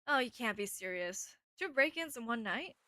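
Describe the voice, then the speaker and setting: A woman's voice: a little high, animated, moderate pace, sharp tone, no echo. A woman voicing a wary young woman investigator in a visual novel, talking in a blunt and guarded way.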